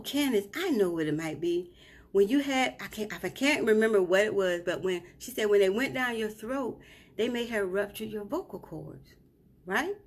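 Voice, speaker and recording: A grieving mother live streams from a hotel room, emotionally retelling events and frequently checking in with "right?". Her voice is mid-range.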